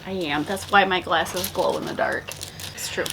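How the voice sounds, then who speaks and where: A woman's voice: fairly low pitch, normal speed, gravelly, bright, forceful tone, a little hiss or hum. A tipsy woman co-hosting a casual movie review, retelling the plot in a rambling, profane way. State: tipsy from drinking.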